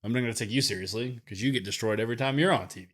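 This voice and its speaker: A man's voice: mid-range voice, rapid-fire, a bit bright. A man co-hosting a wrestling podcast, giving his opinions casually and thinking aloud. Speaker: podcast co-host.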